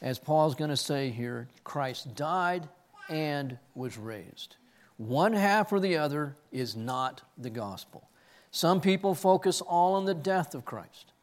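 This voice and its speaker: Man, pastor, sermon, earnest, halting repeats, slightly high voice. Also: expressive. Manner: earnest, repeats words while searching for them. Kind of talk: expository sermon with personal story.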